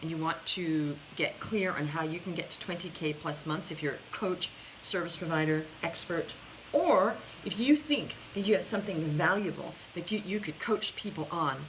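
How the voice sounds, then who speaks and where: A woman's voice: fairly low pitch, normal speed, a little hiss or hum, poor audio. Upbeat woman coach on a live stream. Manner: upbeat, chatty, talks straight to viewers, frequent restarts. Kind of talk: casual live-stream talk answering viewer questions.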